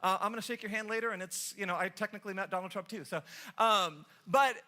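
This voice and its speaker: His voice sits high and sharp, and he talks fast while preaching at a church service. The pastor, from the Los Angeles area in the USA, mixes stories with playful, joking teasing of his congregation.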